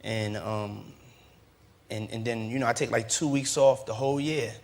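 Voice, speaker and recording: A man's voice: medium pitch, steady tone, moderate pace, darkish tone. A man, a music star being interviewed on a chat show, laid-back and hesitant, often repeating words. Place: television studio with audience. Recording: noisy studio audience behind.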